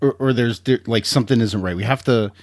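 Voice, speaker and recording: A man's voice: mid-range voice, fairly quick, no echo, studio quality. A man co-hosting a casual podcast chat, jokey and rambling, often laughing and restarting his sentences. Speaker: podcast co-host.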